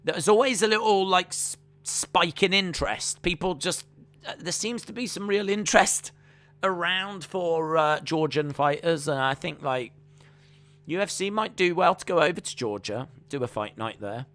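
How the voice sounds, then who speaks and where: A man's voice: on the high side, moderate pace, fairly bright tone. A man hosting a live fight watch-along, chatting with viewers, reading out their comments and calling the action. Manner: calls the fight action play-by-play. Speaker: live-stream host.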